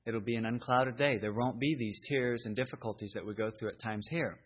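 A man's voice: mid-range voice, fairly quick, slight background noise. A man preaching a sermon in an earnest, conversational way. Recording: dull lo-fi recording.

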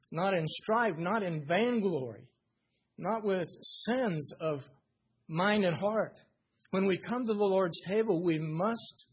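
A man with a husky, slightly high voice delivers a sermon, reading verses and then unpacking them line by line. He leans on repeated phrases for emphasis. The recording sounds dull and lo-fi. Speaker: preacher. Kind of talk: sermon reading and expounding Scripture.

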